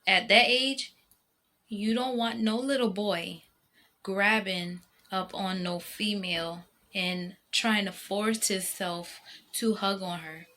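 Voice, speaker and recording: A woman's voice: mid-range voice, steady tone, slow pace, pushed and bright. Rambling woman venting in a vlog. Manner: rambling and emotional, full of fillers and restarts. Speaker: vlogger and mother. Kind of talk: casual confessional vlog.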